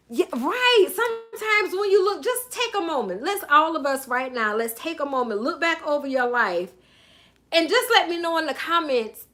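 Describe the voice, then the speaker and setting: A high-pitched Southern woman reads from a book on a live stream and talks with her viewers as their life coach. Her voice is bright and forceful. She chats easily, calls out viewers by name and drops in playful sing-song bits.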